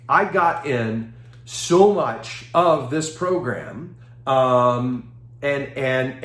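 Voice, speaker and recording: A man from Texas giving a seminar talk, telling a story with lively acted-out dialogue and frequent laughs. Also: sits high. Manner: animated, acts out quoted dialogue, laughs often. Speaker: seminar speaker. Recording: echoey room.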